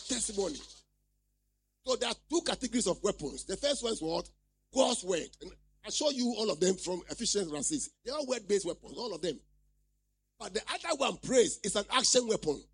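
High gravelly husky-voiced male preacher. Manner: call-and-response, repeating questions to the congregation; reads scripture aloud and explains it. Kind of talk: sermon.

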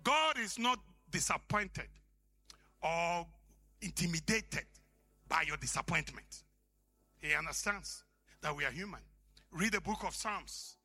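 A man preaching a sermon, swinging from shouted peaks to hushed, whispered lines. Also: fairly high pitch, lively intonation, measured pace, pauses often, soft background music.

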